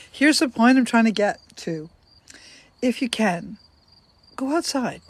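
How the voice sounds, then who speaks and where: An older woman talks into her phone while sitting outside on a sunny afternoon, with crickets chirping behind her. She keeps up a loose, chatty live-stream patter, welcoming viewers by name and asking the same questions again. Her pitch sits at an ordinary middle level. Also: darkish tone. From Canada. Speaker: livestream host. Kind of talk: casual live-stream chat. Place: outdoors on a sunny day.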